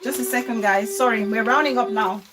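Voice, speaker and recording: Effusive high-voiced woman show host. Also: fairly even intonation, a little fast, crowd noise. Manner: effusive, frequent affirmations, laughs often. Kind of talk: casual live-show chat.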